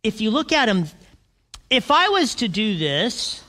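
A man preaching a sermon, animated and asking his congregation questions. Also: high voice, measured pace, long reverb tail. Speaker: pastor.

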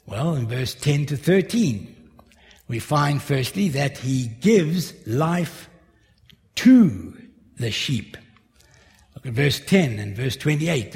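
A man preaching a sermon, slowly and carefully working through a Bible passage verse by verse. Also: fairly high pitch, expressive, a little mellow. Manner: slow, measured expository preaching. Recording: long hall reverb.

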